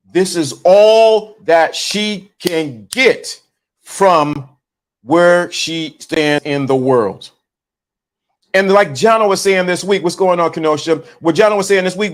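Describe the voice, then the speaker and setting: High-voiced man preaching to his channel. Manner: preachy, repetitive, restarts and stumbles often. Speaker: channel host. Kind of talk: livestream commentary. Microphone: phone.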